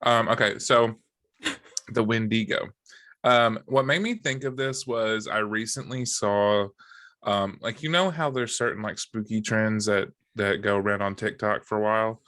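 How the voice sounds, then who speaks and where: A man co-hosts a podcast, his voice lowish and his pace measured. Casual and joking, he reads from notes and leans heavily on fillers, and the recording carries no room sound.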